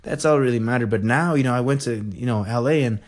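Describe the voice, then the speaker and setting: A man telling a story in a casual, rambling and excitable way, full of fillers. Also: medium pitch, quick pace.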